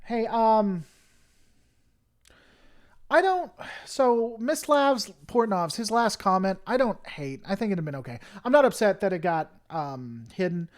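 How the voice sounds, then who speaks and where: This livestream host is a young Tennessee man with a Southern US accent whose voice sits high and is very animated but unhurried. Chatting casually with viewers and answering them, he rambles through fillers and restarts, turning heated before apologizing.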